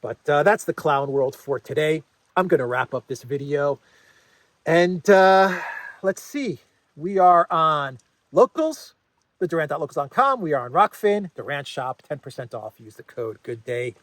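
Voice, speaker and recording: A man with a notably high speaking voice runs a solo commentary video, animated and scoffing as he laughs through his points. The sound is dry and close, with no room echo. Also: unhurried. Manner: animated, laughing, mocking incredulity. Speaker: political commentary host.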